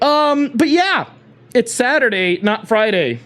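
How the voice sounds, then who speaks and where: A streamer chatting live with viewers, hyper and shouty, swearing a lot and bursting into yells. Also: medium pitch, sing-song, normal speed.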